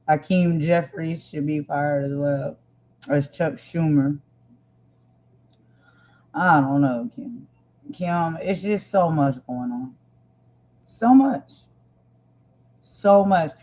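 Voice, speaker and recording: A woman's voice: low voice, takes it slowly, long pauses, darkish tone. Impassioned woman hosting a livestream. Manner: earnest, impassioned, talks to viewers directly. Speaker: livestream host. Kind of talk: emotional livestream commentary.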